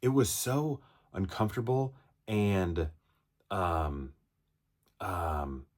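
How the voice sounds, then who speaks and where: Low-voiced guy rambling through a movie review, lots of ums and restarts. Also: big pitch swings, drawn-out words. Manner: rambling, many fillers and restarts, acts out characters' lines. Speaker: film reviewer. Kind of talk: casual movie review monologue.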